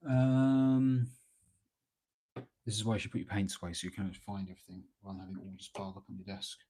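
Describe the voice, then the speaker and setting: Low husky man chatting while painting. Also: fast talker. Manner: relaxed, rambling, thinking aloud with many fillers. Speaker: miniature painting streamer. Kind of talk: casual live painting commentary. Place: at a hobby desk at home.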